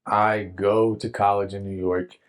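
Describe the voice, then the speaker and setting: A young man telling a personal faith testimony in an earnest, animated way, with casual slang. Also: fairly low pitch, unhurried. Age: young adult. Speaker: guest telling his testimony.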